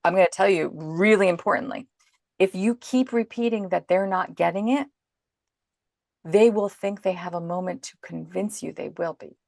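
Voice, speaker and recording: A woman guest on a podcast, calmly and patiently explaining parenting advice in an instructive way. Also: fairly low pitch, moderate pace, gravelly, no room sound, clean studio sound.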